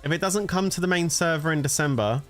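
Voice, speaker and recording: A man's voice: a little high, fast talker, faint music behind. A man giving casual, jokey commentary while streaming a mobile game. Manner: chatty and jokey, often laughing.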